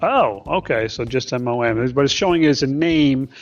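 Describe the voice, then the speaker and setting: A man's voice: medium pitch, lively intonation, normal speed. A man co-hosting a casual podcast chat, explaining things patiently and teasing his co-host. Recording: distant lo-fi audio with faint music.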